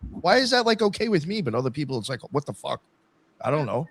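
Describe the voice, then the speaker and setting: Gravelly, swearing man ranting fast. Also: on the high side, very animated, no echo. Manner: heated, swears constantly. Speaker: podcast guest. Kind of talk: casual roundtable chat.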